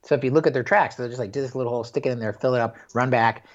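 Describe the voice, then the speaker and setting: A man's voice: medium pitch, steady tone, very fast. A man telling rambling stories in a casual conversation, with many fillers and frequent laughs. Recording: dull lo-fi recording.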